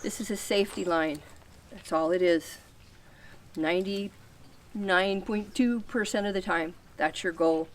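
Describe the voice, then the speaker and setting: A woman who breeds and trains livestock guardian dogs, explaining leash handling in a practical, teaching way. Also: on the low side. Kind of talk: instructional training video. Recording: distant mic, faint outdoor noise.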